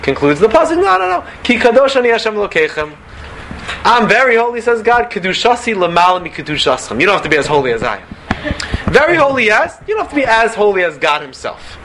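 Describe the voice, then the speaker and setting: A man delivers a lively Torah lecture, firing off rhetorical questions and sprinkling in Hebrew and Yiddish terms. His voice sits high and sounds bright and forceful. A faint hum of room ambience lies beneath him. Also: a little fast. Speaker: rabbi giving a Torah talk.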